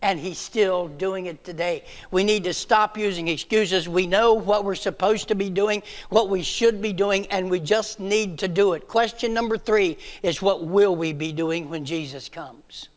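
A man preaching a sermon in a church, moving between loud emphatic calls and hushed, quiet passages. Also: sits high, a little slow, few pauses.

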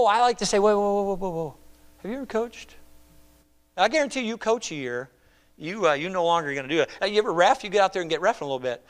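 A middle-aged man preaching a conversational, animated sermon, acting out quoted voices. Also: high-pitched, vocal fry. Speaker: pastor.

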